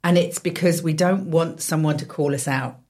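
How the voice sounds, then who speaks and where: A woman hosting a radio show, talking in a reflective, measured way. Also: deep voice, darkish tone. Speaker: radio host. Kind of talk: casual radio chat.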